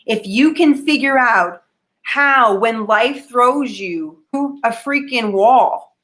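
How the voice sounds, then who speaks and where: Bright-voiced woman giving an emphatic pep talk. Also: on the high side, animated, takes it slowly. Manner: emphatic, full of rhetorical questions; frank and folksy. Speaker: motivational speaker. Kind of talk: motivational talk to camera.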